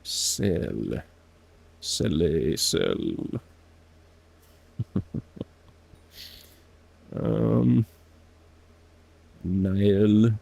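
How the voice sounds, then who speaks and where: Man streaming gameplay, husky voice, lively up-and-down pitch, mutters and laughs to himself. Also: extremely slow, pauses often. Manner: sounding out foreign words. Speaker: game streamer. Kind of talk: casual gameplay commentary.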